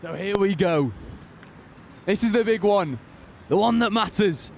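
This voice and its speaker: Excitable male live sports commentator. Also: high-pitched, creaky, a little hiss or hum. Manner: energetic, rapid play calling. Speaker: play-by-play commentator.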